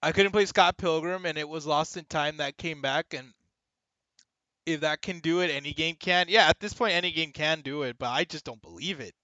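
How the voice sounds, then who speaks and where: A young man streaming a video game, chatting casually with his viewers, excitable and swearing often. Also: fairly high pitch, moderate pace, dry recording, lo-fi sound. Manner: excitable, swears a lot, talks to chat. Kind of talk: casual gaming stream chat.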